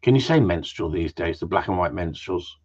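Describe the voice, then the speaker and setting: A man's voice: low-pitched, lively intonation, brisk, slightly rough. Rambling, jokey man on a muffled stream. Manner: rambling, jokey, swears freely, tag questions. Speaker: host of a live Q and A. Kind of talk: casual live-stream chat. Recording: muffled lo-fi audio.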